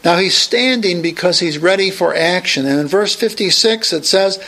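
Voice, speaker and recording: A man's voice: sits high, moderate pace, pushed and bright, echoey room, rough recording. A man preaching a sermon, emphatic and raising his voice to proclaim his points.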